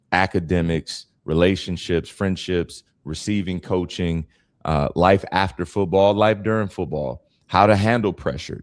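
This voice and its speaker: A deep-voiced man in his forties tells stories with animated energy, acting out other people's lines as he goes. His voice sits low, and the sound is dry and close. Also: no room sound. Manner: animated storyteller, acts out quoted voices. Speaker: guest speaker and author. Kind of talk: storytelling interview answer.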